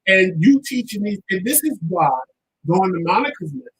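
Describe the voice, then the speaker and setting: A man's voice: sits high, lively intonation, moderate pace, a bit bright, breathy edge, poor audio. A man hosting a talk show in casual chat, making his points with emphasis and repeating them.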